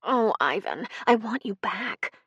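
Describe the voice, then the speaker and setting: A woman's voice: mid-range voice, sing-song, a little slow, a bit bright, slightly rough, no room sound, lo-fi sound, exaggerated voice. Woman narrator doing a whiny infatuated woman, pleading, dry close sound. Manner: pleading and complaining.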